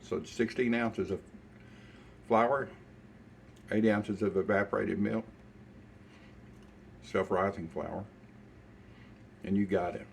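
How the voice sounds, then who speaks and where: A man's voice: on the low side, steady tone, creaky, a little hiss or hum. An older man with a Southern US accent, casually chatting while cooking and eating in his home kitchen. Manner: folksy, unhurried, talks while eating. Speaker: cooking show host.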